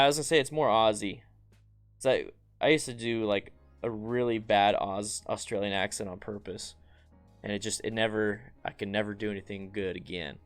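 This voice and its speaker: A man hosting a casual live stream, chatting and reading viewer comments aloud with bursts of excitement. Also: lowish voice, smooth. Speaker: motorcycle channel host.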